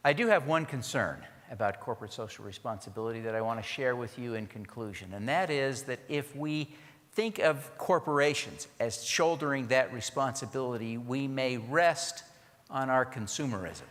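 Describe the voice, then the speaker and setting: A man's voice: medium pitch, normal speed, fairly bright tone. A man giving a conference keynote, earnest and rousing as he leads the audience in a pledge. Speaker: keynote speaker. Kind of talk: conference speech. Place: large conference hall. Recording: reverberant conference hall.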